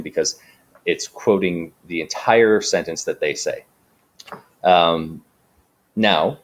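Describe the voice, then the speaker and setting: A man teaching a writing lesson in a relaxed way, with frequent ums and restarts. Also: low-pitched. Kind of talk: casual explanatory lesson.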